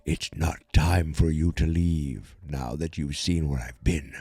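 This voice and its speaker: A man voicing a cold, menacing otherworldly male villain, speaking slowly with drawn-out, threatening words. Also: darkish tone, slightly rough, dry recording, heavily acted. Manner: slow, low, drawn-out threat.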